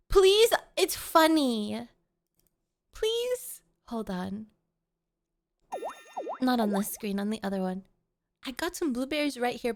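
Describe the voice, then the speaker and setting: A woman's voice: high voice, fairly bright tone. A woman streamer chatting casually with her live chat, playful and melodramatic, often pleading with viewers.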